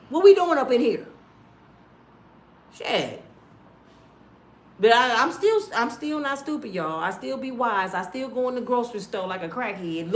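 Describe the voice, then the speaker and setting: A woman in her fifties ranting casually to her viewers, blunt and profane, telling animated stories, recorded in an echoey room. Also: sits high. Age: 50s. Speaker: online commentator.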